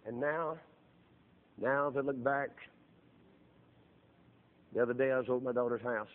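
A man's voice: mid-range voice, fairly even intonation. Tinny-sounding fervent middle-aged preacher man. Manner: fervent preaching that swells into loud, drawn-out emphasis. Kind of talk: sermon.

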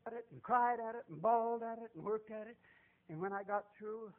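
A man preaching a folksy, emphatic sermon in a church, swinging between shouts and hushed tones. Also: sits high, fairly quick. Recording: tinny phone-like recording.

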